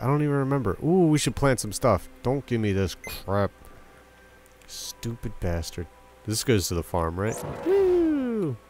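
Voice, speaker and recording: A young let's play commentator with a voice on the low side chats casually about his gameplay over slight background noise. He talks to the game characters and breaks into yelps and silly sound effects.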